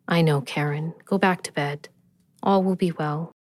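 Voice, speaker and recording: Colin: gentle ghostly husband, slow and hushed, low and dry, read by a woman. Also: fairly even intonation, dry recording. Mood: soothing.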